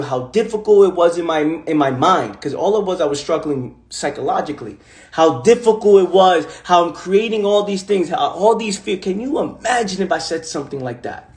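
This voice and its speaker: A man in his twenties giving a casual live-stream monologue, intense and full of repeated rhetorical questions and swearing. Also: high-pitched. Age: 20s. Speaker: motivational speaker on a live stream. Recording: echoey room.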